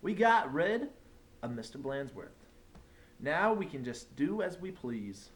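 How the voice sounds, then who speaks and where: A man voicing a rowdy class of schoolchildren, high, excited and loud. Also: unhurried. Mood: excited, gleeful.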